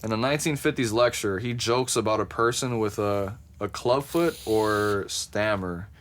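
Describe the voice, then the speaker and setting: At a normal speed and fairly low pitch, a man co-hosting a podcast chats casually, reading quotes aloud and cursing freely in an easygoing, amused way.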